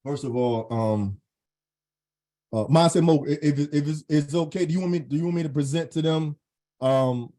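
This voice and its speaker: A man giving an emphatic, high-energy motivational talk as a guest speaker on an online group call, repeating phrases for emphasis. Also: normal speed, mellow. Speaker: guest speaker and content mentor. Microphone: online call microphone.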